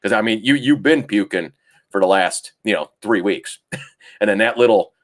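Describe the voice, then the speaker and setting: This man's voice is fairly low and moves at a normal speed. He hosts a live trading stream, chatting informally about charts, laughing a lot, and imitating traders in a panic during his casual market commentary.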